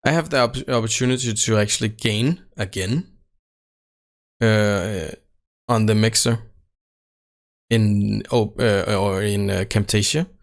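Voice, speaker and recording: A man with a voice on the low side runs through his recording setup in a casual how-to for his tech channel. Recorded at home in an untreated room on a desk microphone right at his face, he halts frequently with fillers and self-corrections.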